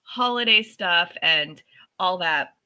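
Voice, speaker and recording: Woman, forties, podcast co-host; very bright, animated storyteller. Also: on the low side, takes it slowly, smooth, poor audio. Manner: animated storytelling with voiced asides. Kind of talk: casual chat.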